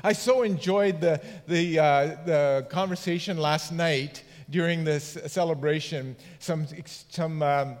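A middle-aged man, a pastor, preaching a sermon through funny anecdotes and laughing at his own stories. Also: a little high. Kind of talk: humorous sermon storytelling. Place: church sanctuary. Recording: long hall reverb.

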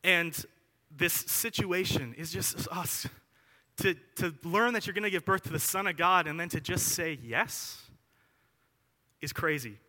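A young man preaching a casual, conversational sermon, animated and chatty with plenty of asides. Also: fairly high pitch, measured pace. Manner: animated, chatty, lots of asides and filler words. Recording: long hall reverb.

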